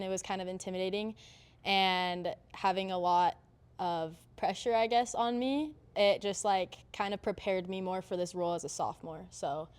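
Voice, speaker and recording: College girl volleyball player from utah, smooth clear voice, laid back, lots of um and like. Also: mid-range voice, darkish tone. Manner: laid-back, short answers with fillers. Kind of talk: casual interview.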